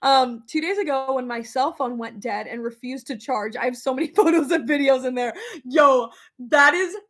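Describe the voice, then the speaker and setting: A woman's voice: high-pitched, fairly quick. A young woman hosting a casual live chat, rambling with many fillers and laughing often. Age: young adult. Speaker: livestream host reading comments.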